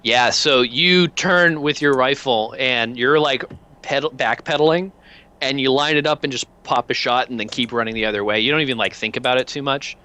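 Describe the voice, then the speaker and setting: A man's voice: medium pitch, moderate pace, sharp tone, clean tone. A man narrating as game master of a tabletop role-playing game, loose and rambling, with many filler words.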